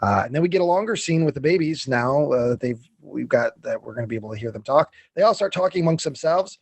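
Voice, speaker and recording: A man's voice: mid-range voice, expressive, fast talker, creaky, no room sound. A man co-hosting a podcast, recapping a film scene by scene in loose chat, with lots of fillers and swearing. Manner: swearing, rambling with many fillers.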